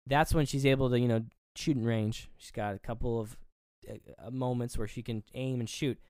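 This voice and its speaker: A man with a smooth, resonant voice, recorded close and dry with no room sound. He co-hosts a relaxed movie review chat and walks through each scene beat by beat, slipping into the characters' lines as he goes. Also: mid-range voice, fairly quick, no room sound. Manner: retells scenes play by play, acting out lines. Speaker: podcast co-host.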